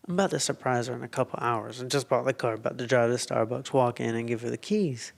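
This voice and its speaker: A man, a podcast guest telling a story with animated quotes and whispered asides. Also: medium pitch, fairly quick, vocal fry.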